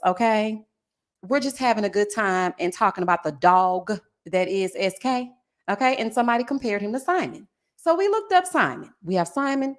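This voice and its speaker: A woman in her forties hosting a live stream, chatting casually with her viewers and reading their comments aloud, sassy and animated, laughing often. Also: mid-range voice. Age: 40s. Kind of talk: casual chat.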